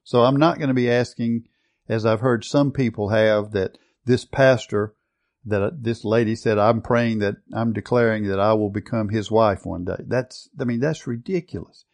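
A man preaching a sermon, emphatic, stretching out key words and often changing his loudness. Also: lowish voice, steady tone, moderate pace, creaky.

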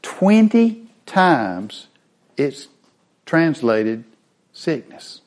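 A man's voice: a little high, big pitch swings, drawn-out words. A man teaching a Bible lesson in a sermon style, explaining word meanings step by step.

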